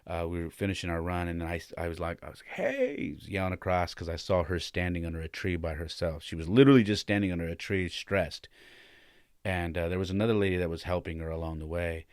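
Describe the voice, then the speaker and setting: A man with a low, deep voice tells a story from his own life in a relaxed, chatty way. He often stops and restarts his sentences. The sound is dry, with no room echo. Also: fast talker. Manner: loose and conversational, many fillers and restarts. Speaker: podcast host and father. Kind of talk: casual personal storytelling.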